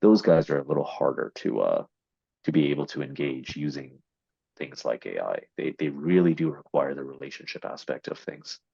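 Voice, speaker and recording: Very deep gravelly man, husky, dull audio. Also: animated, normal speed, dark tone, no echo. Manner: explanatory, lots of fillers and repeated words. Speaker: AI investment marketing executive. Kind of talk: business discussion.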